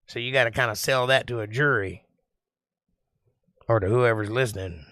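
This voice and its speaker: A man hosting a casual livestream chat, reading viewer comments in a slow, deliberate, sing-song way. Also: mid-range voice, bright, forceful tone, dry recording. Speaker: livestream host.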